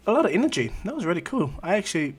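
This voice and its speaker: A man voicing a young male ninja who has become a calm, cold god, speaking in a commanding, quietly threatening way. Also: high voice, rapid-fire, breathy edge, pitched above the performer's own voice, full character voice.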